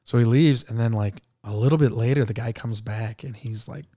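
A man's voice: mid-range voice, brisk, warm tone, no room sound, studio quality. A man from San Jose, California, telling a comic story in casual chat, acting out the people he quotes and laughing often. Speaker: comedian guest.

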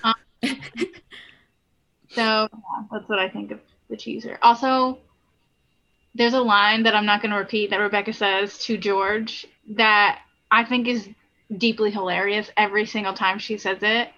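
A woman's voice: mid-range voice, flat delivery, normal speed, pushed and bright, muffled recording. A woman talking casually and enthusiastically as a podcast guest, with many fillers. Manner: enthusiastic, lots of likes. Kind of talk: casual chat.

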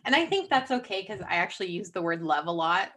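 A woman's voice: on the low side, big pitch swings, quick pace, fairly bright tone. A woman talking about love and belonging in a heartfelt, casual chat.

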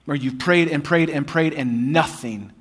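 A male pastor preaching a sermon in a church in a conversational, humorous way that often drops to a hushed intensity. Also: on the high side, a little slow, husky.

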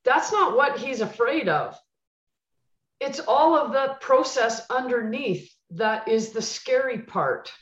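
Taking it slowly in a slightly high voice, a former basketball coach turned client coach shares animated stories on a podcast, acting out the dialogue with emphatic repeats. The room is echoey and the recording's highs are cut off.

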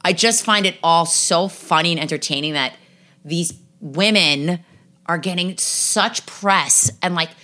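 A woman's voice: fairly low pitch, a little slow, pushed and bright. A woman hosting a podcast, chatting casually, gossiping and swearing freely about shows she watched. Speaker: podcast host. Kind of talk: casual chat.

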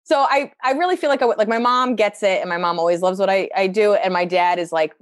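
A woman's voice: mid-range voice, fast, no room sound. Chatty young woman comedian, dry mic. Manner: chatty, lots of fillers, animated quoted asides. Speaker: stand-up comedian, guest. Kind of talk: casual conversational storytelling.

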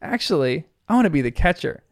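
A man voicing a cute little sister puppy from a cartoon in a breathy voice. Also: on the high side, very animated, fast talker, dry recording, clean studio sound.

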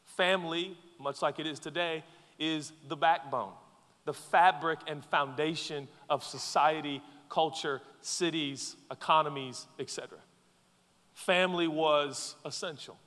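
A man preaching a sermon as pastor, swinging between loud pleading and quiet, intense passages. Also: a little high, steady tone, a little slow. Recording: long hall reverb.

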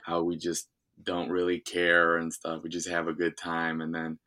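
Young man, deep voice, Midwestern accent, loose chatty guest, filler-heavy. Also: moderate pace. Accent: Midwestern American. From Ohio. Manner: relaxed rambling with many fillers. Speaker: guest, former reality show contestant. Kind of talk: casual interview.

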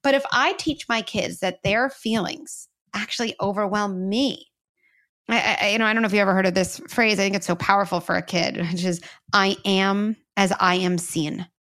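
A woman's voice: mid-range voice, a little fast, fairly bright tone. A woman guest explaining parenting ideas in an earnest, conversational way, with frequent "like" and "you know". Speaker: guest, parenting expert and author. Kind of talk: conversational interview.

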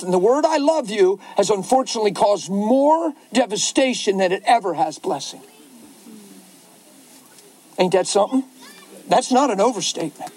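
A middle-aged male pastor preaching a sermon in an animated, folksy way, with asides to the crowd. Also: sits high, low-quality recording.

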